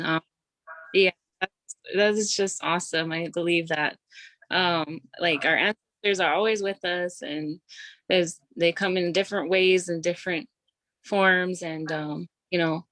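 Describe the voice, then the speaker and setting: A woman hosting a casual interview, speaking in an appreciative, gentle way. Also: fairly low pitch, dry recording, low-quality recording. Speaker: host.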